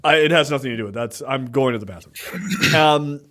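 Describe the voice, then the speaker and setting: Casual podcast man, animated retelling. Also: medium pitch, a little fast. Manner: animated retelling, acting out scenes with many "like"s. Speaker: podcast co-host, film reviewer. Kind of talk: casual chat.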